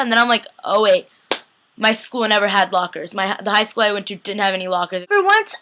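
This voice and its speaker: A young woman recapping a TV episode to her viewers, chatty and sarcastic. Her voice is bright and forward, and she breaks into playful asides as she talks. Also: medium pitch. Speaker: vlogger.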